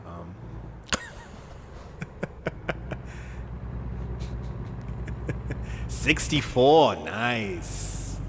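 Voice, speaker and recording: A man's voice: mid-range voice, wildly swooping pitch, very slow, pauses often, noisy background. A man in his forties chatting casually on a live stream while he drives in a truck simulator, laughing often and answering his chat. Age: 40s. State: drinking beer while streaming.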